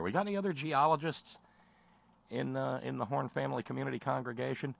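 A male host rants with biting sarcasm and rising passion, often stumbling and repeating words. His voice sits at a middle pitch, and the recording is close and dry. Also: lively intonation, a little fast, creaky, no echo. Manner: sarcastic, stammering restarts. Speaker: talk show host. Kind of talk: impassioned commentary.

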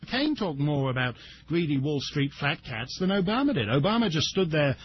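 British talk-radio guest host, high voice, mocking, muffled broadcast sound with faint hiss. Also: male voice, big pitch swings. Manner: mocking, rambling with searching pauses. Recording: dull lo-fi radio broadcast audio.

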